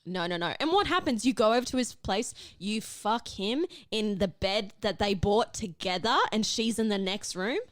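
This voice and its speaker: A woman's voice: mid-range voice, animated, normal speed, few pauses, no echo. A young woman co-hosting a casual chat podcast, blunt and swearing, laughing often. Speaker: podcast co-host.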